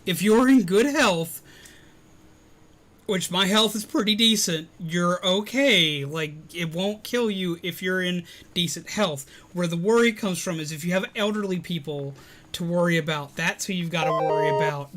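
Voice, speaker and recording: A man casually chatting on a live stream, answering viewers, rambling with fillers and quick to laugh. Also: high voice. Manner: rambling, many fillers, laughs easily, greets viewers loudly.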